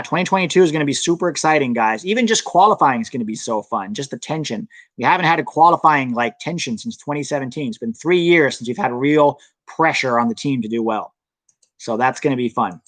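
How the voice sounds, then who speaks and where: A man's voice: fairly high pitch, no echo. A young American man hosting a soccer channel live stream, chatting casually and answering viewer comments. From United States.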